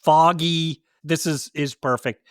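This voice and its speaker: A man's voice: fairly high pitch, fairly even intonation, dry recording, studio quality. A man co-hosting a podcast, giving casual, enthusiastic movie commentary and often restarting his sentences. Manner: enthusiastic, talks in rushed restarts. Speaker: podcast co-host.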